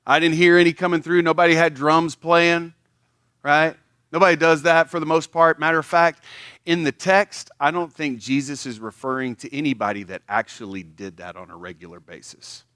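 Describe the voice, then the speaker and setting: A man's voice: fairly high pitch, normal speed, clear, resonant tone, no echo, studio quality. A man preaching a sermon at a church, acting out little everyday skits with a voice that jumps up when he plays them. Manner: animated, acts out little skits with rising voice. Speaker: pastor.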